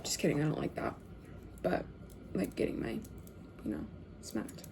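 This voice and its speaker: A young woman telling a casual storytime, chatty and full of fillers, often dropping to hushed tones. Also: sits low, very animated, measured pace, slight background noise.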